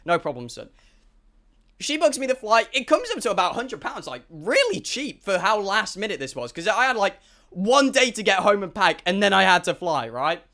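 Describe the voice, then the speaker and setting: High-voiced excitable man rambling. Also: normal speed. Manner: rambling, excitable, full of stammered restarts. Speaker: streamer. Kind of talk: storytime chat to a stream.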